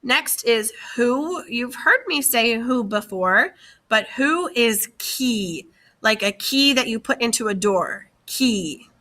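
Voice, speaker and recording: A woman's voice: a little high, animated, slow, pushed and bright. A woman teacher giving a slide-based lesson, speaking carefully and repeating key words for her students. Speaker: French teacher.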